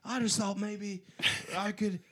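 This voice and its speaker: A man putting on a hesitant elderly male politician in a halting, quiet voice. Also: high voice, level tone, slightly rough. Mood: muddled.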